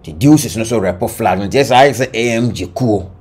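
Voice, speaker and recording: A Ghanaian man with a low, husky voice recounts celebrity drama in animated commentary. He tells the story in lively bursts, mixing languages as he goes, and his voice carries a rough, breathy texture. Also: moderate pace. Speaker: entertainment news commentator. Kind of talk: gossip commentary.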